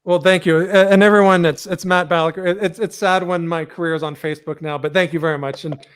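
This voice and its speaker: A man's voice: high-pitched, fairly even intonation, fast talker, smooth. Light-voiced man co-hosting a video chat. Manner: friendly, laughing easily. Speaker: co-host. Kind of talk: casual video-call interview. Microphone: video call.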